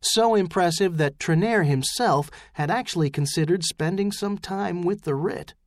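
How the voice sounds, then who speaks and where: A man narrating an audiobook with measured, expressive storytelling. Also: on the high side, no echo, studio quality. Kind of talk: scripted narration.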